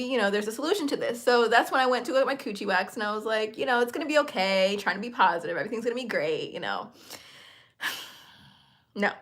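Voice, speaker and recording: Bright-voiced chatty young woman. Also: a little high. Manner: chatty, candid, swears freely, heavy use of "like". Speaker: beauty vlogger. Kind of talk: casual storytime while getting ready.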